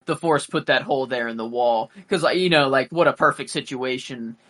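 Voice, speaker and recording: A man's voice: medium pitch, brisk, bright, forceful tone. A young man co-hosting a casual fan podcast, rambling and hesitant with lots of fillers. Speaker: podcast co-host.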